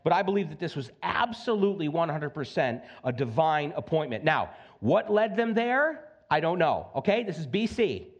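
A man preaching a sermon to his congregation in a lively, conversational way, often checking in with "okay?" and acting out voices. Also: on the high side, moderate pace, hardly any pauses, dull audio. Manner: animated, conversational, acts out voices, keeps asking "okay?". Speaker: pastor. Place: church sanctuary.

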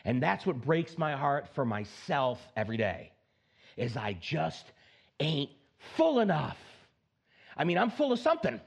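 A man preaching a sermon as pastor, emphatic, swinging from high exclaims down to low, slow stresses, with playful asides. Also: very animated, creaky, husky. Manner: playful asides, mock self-talk.

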